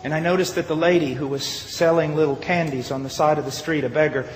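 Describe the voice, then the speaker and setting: A man preaching a sermon with dramatic storytelling, rising loud and then dropping to a hush. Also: on the high side, fairly even intonation, fast. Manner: dramatic storytelling, swings between loud rises and hushed drops. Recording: long hall reverb, faint noise.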